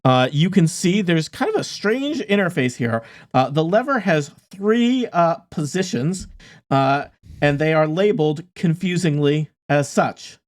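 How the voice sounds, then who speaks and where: A man running a tabletop game as game master, narrating in a relaxed way with many pauses. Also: a little high.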